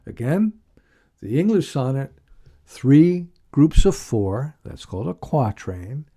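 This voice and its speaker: Man, literature lecturer, slow delivery, warm mellow tone, lots of fillers. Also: mid-range voice, big pitch swings, breathy edge. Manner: slow, measured reading with frequent fillers. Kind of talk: recorded lecture with poem reading.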